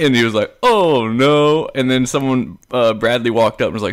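Young man telling stories in a lively way. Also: medium pitch, fast talker, few pauses, smooth. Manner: animated storyteller, acts out quotes in a raised voice. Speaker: podcast co-host. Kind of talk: casual chat.

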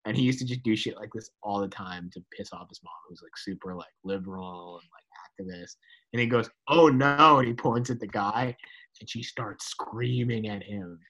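A man's voice: lowish voice, moderate pace, fairly bright tone, husky, rough recording. A man co-hosting a podcast, telling stories animatedly, with lots of "like" and "dude" and casual swearing. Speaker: podcast co-host.

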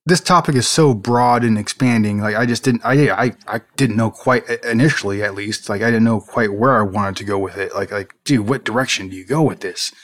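A man's voice: fairly low pitch, brisk, hardly any pauses. A man co-hosting a podcast who talks casually in a rambling, hesitant way and often repeats himself. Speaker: podcast co-host.

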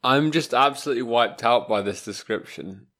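Guy co-hosting, dry and understated, kinda hesitant, middle pitch. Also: normal speed, bright, forceful tone. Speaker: podcast co-host. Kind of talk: casual podcast banter.

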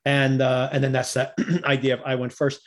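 A man talking through a TV recap in loose, casual podcast chat. He rambles, restarts his sentences and laughs often while making his points. His voice sits at a middle pitch. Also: completely flat delivery, normal speed. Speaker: podcast co-host.

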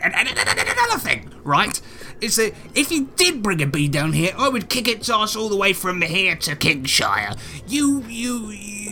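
A man voicing a touchy, easily offended male giant spider who whines indignantly and breaks into squeaky outbursts. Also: sharp tone, full character voice.

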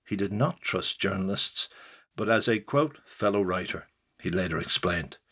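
A man's voice: low voice, expressive, moderate pace, a bit bright, breathy edge. An older man, a journalist, reading his own article aloud in a wry, dry storytelling way. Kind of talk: read-aloud first-person memoir narration.

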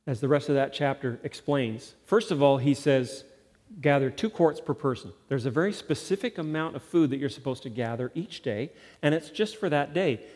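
A man's voice: mid-range voice, a little mellow. A male pastor giving a conversational sermon, often checking in with the congregation. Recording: long reverb of a large hall.

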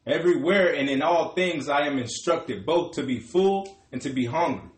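A man reading verses aloud in a steady, formal way during a sermon. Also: fairly high pitch, normal speed, reverberant. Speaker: scripture reader.

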